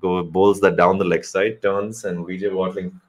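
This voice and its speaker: Lower-voiced man doing rambling live commentary. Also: level tone, moderate pace, darkish tone. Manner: rambling, joking asides, corrects himself mid-sentence. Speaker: cricket commentator. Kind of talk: live cricket commentary hangout.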